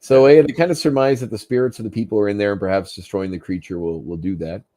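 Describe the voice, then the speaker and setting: Here a man from Canada, his voice on the low side and mellow, talks fast while co-hosting a laid-back podcast. Recapping a cartoon episode, he's chatty, laughs frequently, and puts on jokey voices.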